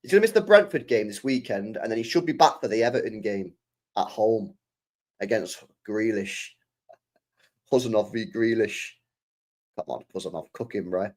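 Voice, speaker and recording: Fired-up young football fan. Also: male voice, lowish voice, lively intonation, normal speed, darkish tone. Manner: passionate, swearing, repeats his points. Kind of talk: casual live-stream reaction chat.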